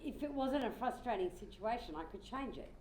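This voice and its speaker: A woman's voice: on the high side, animated, fairly quick, a little mellow, natural voice. A woman playing a frustrated coworker in a mediation role-play, blunt and exasperated as she explains her grievance. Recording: roomy with faint crowd and noise.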